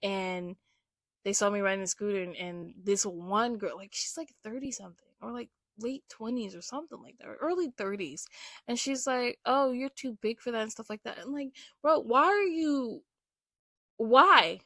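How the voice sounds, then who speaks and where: A young woman with a fairly high voice tells stories from her own life in a loose, chatty way. She is emphatic and animated, and she fills her sentences with "like". The sound is close and dry. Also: moderate pace, no echo. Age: young adult. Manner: animated, emphatic, heavy use of "like". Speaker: vlogger. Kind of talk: casual storytelling.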